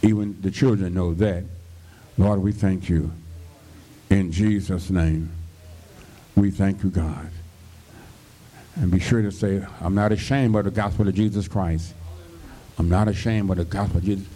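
Male pastor, deep mellow voice, fervent radio sermon full of hallelujahs. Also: fairly even intonation, a little slow, pauses often. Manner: fervent, punctuated with constant hallelujahs and thank-you-Jesus.

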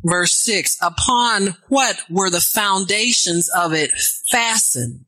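A woman preaching with a bright, forceful voice, tossing quick questions back at her listeners. The sound is dry and close, with little room around it. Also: medium pitch, expressive, dry recording, low-quality recording. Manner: call-and-response asides, rising to shouts. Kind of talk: sermon.

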